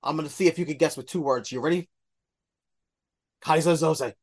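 A man's voice: fairly high pitch, a little fast. A man co-hosting a podcast, chatting about movies in a laid-back, hesitant way. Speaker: podcast co-host. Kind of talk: casual movie chat.

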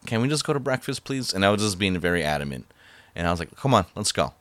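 Low-voiced man rambling through a story. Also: a bit bright, dry recording, clean studio sound. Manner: rambling, halting, many fillers and restarts. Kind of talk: casual personal storytelling.

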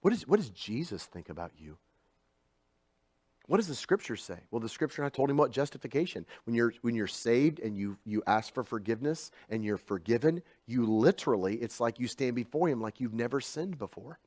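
Preacher swinging from hushed to loud. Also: male voice, mid-range voice, lively intonation, a little fast, few pauses, no room sound. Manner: conversational storytelling preaching; swings from hushed asides to loud emphatic bursts. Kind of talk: sermon.

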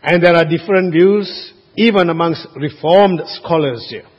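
A man's voice: fairly high pitch, normal speed. A man preaching a sermon as pastor, earnest and emphatic, with frequent restarts and casual asides to the congregation. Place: church sanctuary. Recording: dull lo-fi sound with long church reverb.

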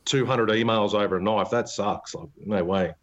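A man's voice: on the low side, moderate pace, highs cut off. A man hosting a casual podcast chat, rambling through his points and laughing often. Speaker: podcast host, knife maker.

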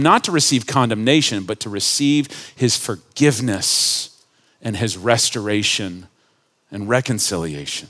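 A man preaching a sermon, animated and storytelling, acting out quick voices and dropping to quiet earnest tones. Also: mid-range voice. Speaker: pastor.

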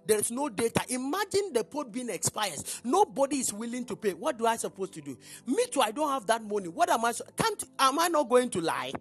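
A woman's voice: fairly high pitch, sing-song, fairly quick, few pauses, breathy edge, faint music behind. A woman preacher delivering a sermon in church, emphatic and questioning the congregation.

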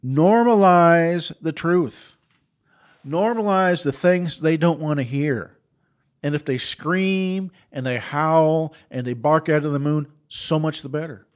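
A middle-aged man delivering an impassioned monologue, forceful and preachy, with laughing asides and mocking voices. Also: fairly high pitch, a little slow.

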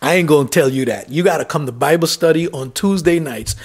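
A man preaching a fervent sermon as pastor, calling out for responses and dropping from loud calls to soft whispers. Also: a little high, brisk, breathy edge.

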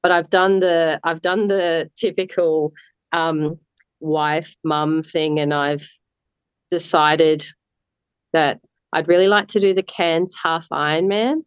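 Woman, Australian accent, slow and halting, smooth clear voice, dry and slightly muffled sound. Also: sits low, fairly even intonation, no echo. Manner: halting, with many fillers and restarts. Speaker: guest, marathon runner. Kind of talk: casual interview.

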